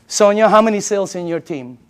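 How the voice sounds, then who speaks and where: A middle-aged man giving a live sales pitch to an audience, emphatic and chatty, repeating listeners' answers back to them. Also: fairly quick, smooth. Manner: chatty and excitable, laughs between points. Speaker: sales presenter.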